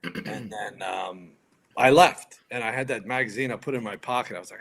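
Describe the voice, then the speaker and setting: A man in his fifties, a retired firefighter and podcast guest, telling stories in a casual, animated, profane way. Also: fairly low pitch, fairly quick. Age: 50s. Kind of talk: casual storytelling.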